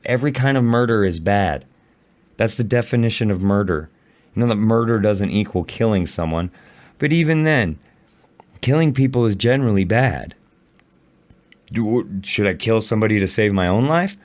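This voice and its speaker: A man's voice: lowish voice, lively intonation, moderate pace, darkish tone. A man casually reacting to a video on a livestream, blunt, sarcastic and often swearing.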